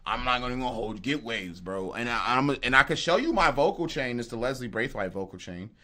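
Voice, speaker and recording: In his home music studio, a beat producer runs a casual livestream tutorial, his medium-pitched voice expressive, fairly quick, and sharp. He answers chat in a laid-back, slangy way, speaking straight to viewers.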